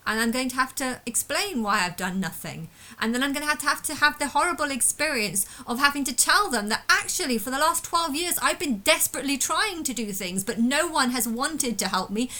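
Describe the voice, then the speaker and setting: A woman's voice: a little high, bright, forceful tone, poor audio. A woman talking alone to camera in an unscripted monologue, angry and distressed, ranting bitterly and swearing often. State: emotionally distressed. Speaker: vlogger.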